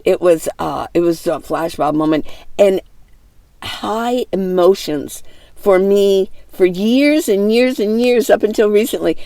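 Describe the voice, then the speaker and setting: A woman's voice: mid-range voice, vocal fry, no echo. A woman in her sixties rambling through a casual reflective monologue as a van life vlogger, with many fillers and restarts. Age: 60s. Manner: rambling, warm-hearted, many fillers and restarts, laughs often. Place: inside a minivan.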